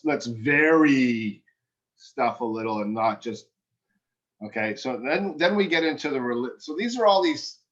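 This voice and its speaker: A man's voice: mid-range voice, fairly bright tone, muffled recording. A man working as an acting coach, giving a student direct and encouraging feedback in a one-on-one session, often restarting his sentences.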